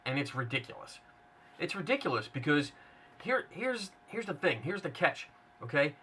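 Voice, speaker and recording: A man's voice: on the high side, big pitch swings, moderate pace, bright, forceful tone, slight background noise. A man hosting a casual, unscripted monologue, blunt and sarcastic, rambling with frequent restarts. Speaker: paranormal skeptic host.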